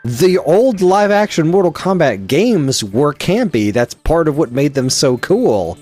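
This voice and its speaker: Lively, musing podcast co-host man. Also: on the high side, a little slow, faint music behind. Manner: musing, argumentative, unsure. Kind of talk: casual chat.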